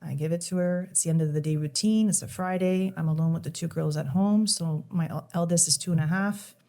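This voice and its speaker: A middle-aged woman speaks in a gravelly, mellow low voice. She tells her story haltingly and with deep emotion, stumbling and starting sentences over. Her tone stays conversational, as in a podcast chat. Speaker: podcast guest.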